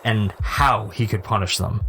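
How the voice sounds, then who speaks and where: A man's voice: lowish voice, unhurried, noisy background. A man co-hosting a casual movie podcast from home, enthusiastic and emphatic, with some swearing. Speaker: podcast co-host. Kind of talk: casual chat. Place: home apartment.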